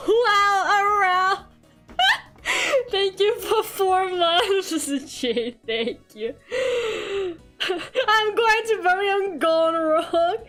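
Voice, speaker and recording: A young woman chats with her stream in a high, unhurried voice, giggling and cursing casually. Her throat is a bit sore from a cold, and soft music plays faintly behind her. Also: animated. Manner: chatty, giggly, swears casually. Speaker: VTuber streamer. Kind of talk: casual live-stream chat while drawing.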